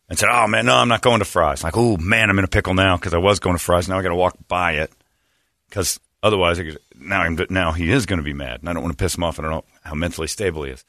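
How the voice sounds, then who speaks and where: Male podcast co-host, rambling self-mocking storyteller, bright forceful tone, low-ish pitch, dry close mic. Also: no echo. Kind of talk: casual comedic podcast chat.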